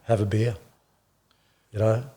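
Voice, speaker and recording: A middle-aged man, a former police officer, telling his story in an interview with blunt swearing and halting restarts. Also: on the low side, level tone, mellow, slightly rough. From Australia.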